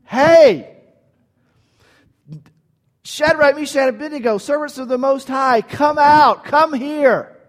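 Man playing ancient king, imperious, shouting commands, high voice, long hall reverb. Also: slow, long pauses. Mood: commanding.

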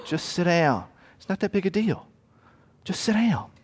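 A man voicing a soothing, tempting devil who lulls the listener with repeated gentle urging, in a hall with long reverb. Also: high-pitched, sing-song, normal speed, slightly rough, heavily acted. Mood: coaxing. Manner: soothing, lulling, repetitive urging. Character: coaxing tempter devil, soft and persuasive, male.

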